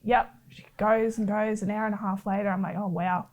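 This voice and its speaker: A woman footballer with an Australian accent, telling stories in animated casual chat and laughing often. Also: mid-range voice, fairly quick. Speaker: footballer guest.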